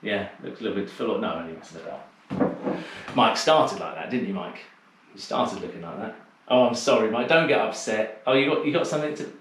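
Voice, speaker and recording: A man's voice: on the low side, expressive, a little fast, fairly bright tone, distant mic. A man teaching a dance class over a video call, calling out steps and chatting with a teasing manner. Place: home room on a video call. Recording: very echoey room.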